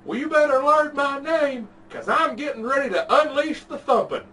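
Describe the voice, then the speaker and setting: A man voicing a cocky, aggressive old man in his sixties who is picking a fight, with a shouting, belligerent delivery. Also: very high voice, normal speed, voice pushed up. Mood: menacing. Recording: distant mic with background noise.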